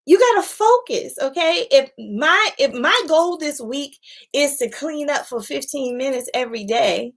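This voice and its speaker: A woman success coach giving a casual live-stream talk, chatty and animated, calling her viewers y'all and laughing often. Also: high-pitched.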